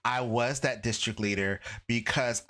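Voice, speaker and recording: A man with a bright, forceful voice talks casually as an interview guest. He tells lively stories and slips into the voices of the people he quotes. He sounds middle-aged and speaks at a middling pitch. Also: measured pace. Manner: lively storyteller who acts out quoted people. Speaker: guest, esports educator and consultant.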